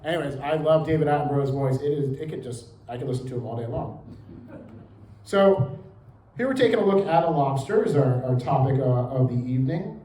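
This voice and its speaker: A man's voice: mid-range voice, brisk, warm tone. Jokey man lecturing in a roomy hall. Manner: jokey, chatty with the audience. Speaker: museum director and historian giving a talk. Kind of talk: public lecture. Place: lecture room with audience. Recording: roomy hall with faint ambience.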